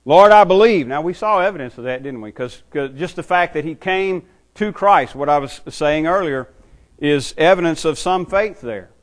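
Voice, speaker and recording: A man's voice: a little high, normal speed. Earnest man preaching a sermon. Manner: earnest, repeats words while building points. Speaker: pastor.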